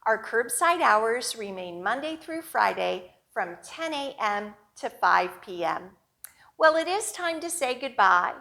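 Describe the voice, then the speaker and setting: Slow, sing-song woman reading to kids. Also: fairly high pitch, sing-song, gravelly, sharp tone. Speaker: children's librarian. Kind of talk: children's storytime reading.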